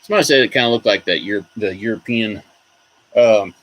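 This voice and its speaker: A man's voice: fairly low pitch, fairly quick, a bit bright, a little hiss or hum, low-quality recording. Rambling man chatting about toys. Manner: rambling, reacts to viewer votes. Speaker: toy collector host. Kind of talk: casual chat.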